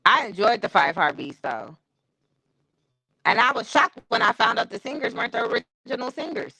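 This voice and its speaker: A woman host chats casually on her stream, speaking frankly with slangy everyday phrasing. Her voice sits a touch high and sounds bright. The recording is close and dry. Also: very animated, brisk, husky, no echo, low-quality recording. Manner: candid and opinionated, with slangy talk. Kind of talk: casual chat. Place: home streaming setup.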